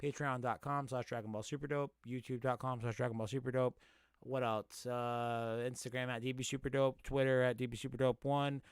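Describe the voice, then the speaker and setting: A man hosting a casual podcast live stream, rapping a long name list fast and swearing as he jokes about himself. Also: medium pitch, little pitch movement, clear, resonant tone, no echo, clean studio sound. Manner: rapid rhythmic list rapping, swearing, self-mocking. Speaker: podcast host.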